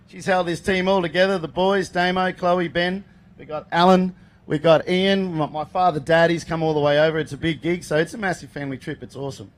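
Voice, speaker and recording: A man from Queensland with an Australian accent, an off-road race driver chatting in a casual, upbeat interview at an outdoor race event. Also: sits high. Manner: upbeat and chatty, calls people mate.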